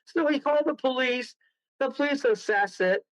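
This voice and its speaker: A man from Toronto, a guest medium, telling a rambling, excitable story with bursts of laughter. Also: very high-pitched, normal speed, no echo. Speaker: guest medium and paranormal investigator. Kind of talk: casual storytelling on a radio call. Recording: dull lo-fi radio audio.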